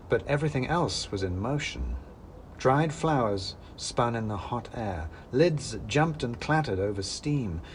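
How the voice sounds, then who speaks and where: A man's voice: mid-range voice, slight background noise. A man narrating a fantasy story in the first person with wry, dry humor. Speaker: narrator and author-reader.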